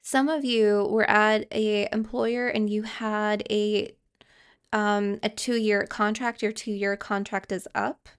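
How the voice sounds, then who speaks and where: A woman's voice: mid-range voice, little pitch movement, slow, smooth. A woman giving a tarot card reading, speaking hesitantly with fillers and restarts and reassuring viewers directly. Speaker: tarot reader.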